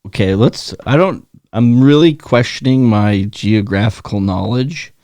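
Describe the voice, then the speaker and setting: A man's voice: on the low side, a little slow, darkish tone, no room sound. Joking male podcast co-host, dry sound. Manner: joking, riffing on crude puns. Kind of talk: casual chat.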